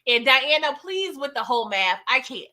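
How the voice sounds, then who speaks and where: Recapping a TV episode live, this female host keeps things slangy and sassy, with frequent laughter and acted-out lines from the show. She sounds high-pitched, sing-song, bright and forceful, moving at a moderate pace.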